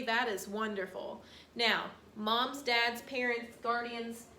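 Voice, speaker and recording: A woman teacher giving a phonics lesson to young children, sounding out each word slowly and carefully. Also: on the high side, fairly bright tone. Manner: slow, sounding out words carefully. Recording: roomy room, distant mic, faint hiss.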